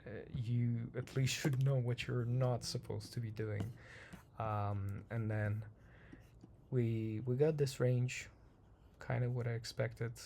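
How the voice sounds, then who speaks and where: Hoarse man with gravelly dark voice. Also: mid-range voice, slight background noise. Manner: rambling, repeats himself, many ums. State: slightly hoarse, losing voice. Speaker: trading channel host. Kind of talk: casual chart walkthrough.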